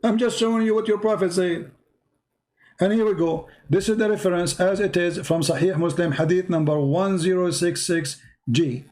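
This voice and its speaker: Guy pressing a caller hard in a heated debate, mellow dark tone, pitched a bit high. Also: moderate pace. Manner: insistent, challenging, repeats phrases.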